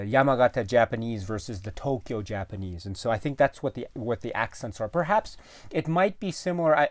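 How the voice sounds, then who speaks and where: Halting man, dry close sound. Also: mid-range voice, dry recording. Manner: halting, searching for words with many restarts. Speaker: guest commentator. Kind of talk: casual film discussion.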